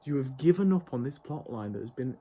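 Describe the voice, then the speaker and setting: A man's voice: mid-range voice, lively intonation, fairly quick, dark tone, breathy edge. A man reviewing a TV show in an exasperated, profane rant. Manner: exasperated, heavily profane ranting. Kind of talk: ranting review vlog.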